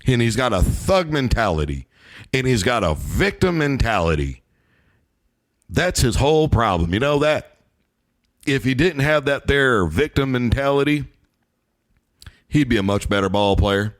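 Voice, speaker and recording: A man's voice: medium pitch, sing-song, measured pace, pauses often. A man putting on a smug, folksy drawling voice to mock a critic. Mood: sneering.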